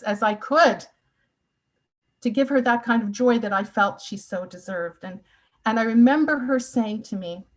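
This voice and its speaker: A woman's voice: fairly high pitch, low-quality recording. A woman in her sixties gives a personal testimony talk, telling her family's story with earnest, emotional emphasis. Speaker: speaker.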